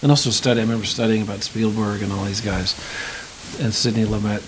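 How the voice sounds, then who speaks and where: Speaking fast in a steady tone, this middle-aged male actor and acting teacher gives a thoughtful, meandering interview full of restarts. His voice is on the low side. The recording is rough, with a faint hiss underneath.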